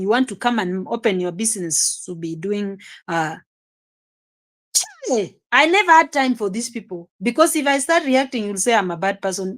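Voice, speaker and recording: A woman giving casual reaction commentary, exclamatory and scolding, chuckling often. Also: a little high. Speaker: reaction vlogger.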